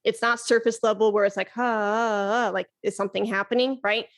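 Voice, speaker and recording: A woman flute teacher talking on a podcast in an animated way, laughing often and demonstrating breath sounds. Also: mid-range voice, fast. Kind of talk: casual podcast conversation.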